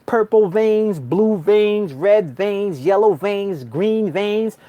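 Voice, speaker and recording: A man with a New York accent telling a spiritual story in a casual, slangy monologue, calling the listener son and bruh. He swings between loud outbursts and low murmurs. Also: animated, slow pace, no echo, lo-fi sound. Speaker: spiritual vlogger.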